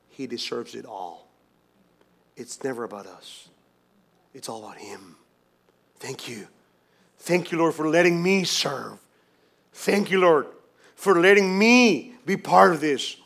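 A man preaching a sermon as pastor, swinging from hushed, quiet lines to loud, emphatic ones, with many restarts. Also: fairly high pitch, animated, slow pace, vocal fry, pauses often.

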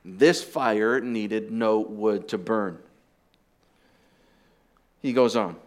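A pastor preaching a sermon, explaining deliberately and dropping in casual asides to the congregation. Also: male voice, fairly low pitch. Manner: deliberate teaching with conversational asides.

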